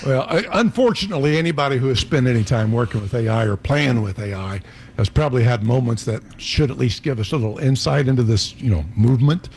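A man's voice: medium pitch, lively intonation, fast, darkish tone, slight background noise. An older man co-hosting a talk show, telling folksy stories with some stammering.

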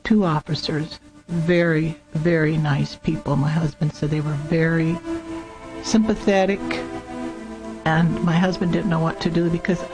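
A woman's voice: low-pitched, flat delivery, a little slow, low-quality recording. An older woman being interviewed, telling a personal memory in a plain, earnest way. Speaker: interviewed mother of a fallen soldier. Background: faint music.

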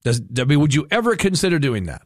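A man hosting a casual radio talk segment, chatty and animated, telling stories and acting out quoted people. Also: a little high, fast talker, no room sound, studio quality. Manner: chatty, animated storytelling with playful quoted voices. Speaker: radio host.

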